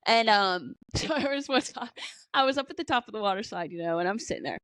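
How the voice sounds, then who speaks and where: A woman's voice: mid-range voice, expressive, fast talker, a bit bright, dry recording. A woman in her twenties co-hosting a casual podcast, telling stories with lots of "like" and "you know" and swearing now and then. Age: 20s. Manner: chatty storytelling full of "like" and "you know". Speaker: podcast co-host. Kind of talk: casual chat.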